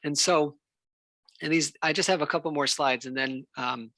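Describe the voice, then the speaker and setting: Gravelly, bright-toned man giving a health talk. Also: fairly high pitch, moderate pace, dry recording. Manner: relaxed and conversational, with many fillers and restarts. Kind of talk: unscripted talk. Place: church hall.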